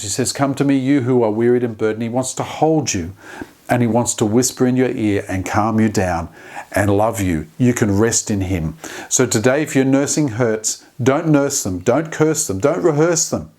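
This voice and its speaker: A man's voice: medium pitch, moderate pace, warm tone. A man hosting a short daily devotional. He retells a story in an earnest way and makes small slips and restarts as he goes.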